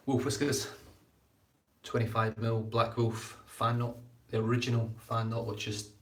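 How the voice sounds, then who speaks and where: A man's voice: mid-range voice, little pitch movement, unhurried, fairly bright tone, far from the mic, a little hiss or hum. A man hosting a casual live-stream shaving chat, rambling and repeating his words as he talks. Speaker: shaving channel host. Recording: echoey room.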